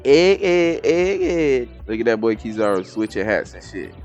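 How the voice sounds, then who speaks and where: A man hosting a casual comic reaction video, talking to viewers in a swearing, animated way. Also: on the low side, fast talker, lo-fi sound, soft background music. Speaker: reaction channel host.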